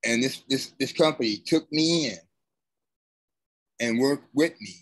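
A man giving an emotional personal account on an online panel, halting and searching for words, sounding aggrieved. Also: mid-range voice, dry recording, low-quality recording. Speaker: conference attendee.

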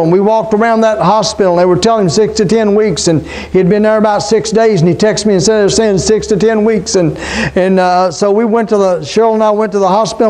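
High-voiced preaching man, chatty. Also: a little mellow. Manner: conversational preaching with call-outs to the congregation. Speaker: pastor. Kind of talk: sermon.

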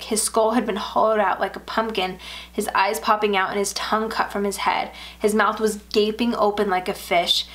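A woman narrating a first-person horror story in a steady, measured reading. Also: mid-range voice.

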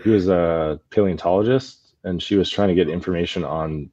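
Low, mellow-voiced man in casual chat. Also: moderate pace, no echo, muffled recording. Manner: conversational, hedging opinions with "kinda" and "like". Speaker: podcast co-host.

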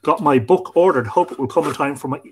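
A man's voice: on the high side, quick pace, a little mellow, slightly rough. A man with an Irish accent hosting a live online show, chatting casually and greeting viewers by name as he reads out their comments. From Ireland. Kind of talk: casual live-stream chat, reading out comments.

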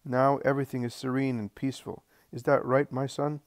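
A man voicing a kind, gentle middle-aged mother who speaks soothingly. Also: mid-range voice, flat delivery, brisk, dry recording, pitched above the performer's own voice, lightly acted. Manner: soothing, kindly.

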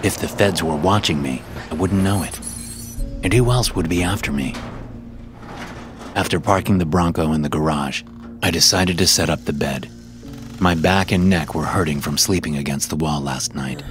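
A man with a very deep voice narrates a first-person thriller, measured and brooding. Music plays clearly under his reading. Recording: clear music bed behind.

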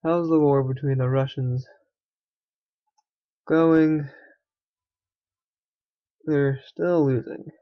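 A man's voice: on the high side, fairly even intonation, drawn-out words, long pauses, dry recording, dull audio. A young man giving casual, sarcastic commentary while playing a strategy game, often swearing and muttering to himself. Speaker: gaming let's player.

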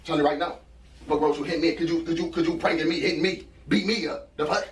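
An angry young husband arguing and cursing, repeating the same lines over and over. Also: male voice, a little high, fairly even intonation, quick pace, recorded from a distance. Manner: angry, profane, keeps repeating himself. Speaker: husband in a prank video. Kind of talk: heated argument.

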